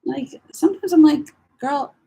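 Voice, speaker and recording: A young woman chatting casually to camera as she sorts through her files, rambling and swearing with slangy, animated talk. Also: medium pitch, unhurried, creaky, slightly rough, rough recording. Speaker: vlogger.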